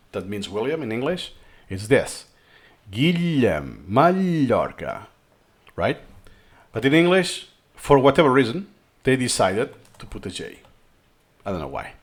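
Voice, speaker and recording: A man with a Spanish accent, a native Spanish speaker from Spain, explaining a learning tutorial and thinking aloud as he goes. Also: mid-range voice. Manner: thinking aloud, repeats himself. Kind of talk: screen-recorded tutorial talk.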